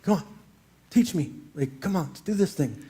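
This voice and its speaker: A man voicing a brash, hotheaded young male college gymnast, excited and impatient. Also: high voice, normal speed. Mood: eager.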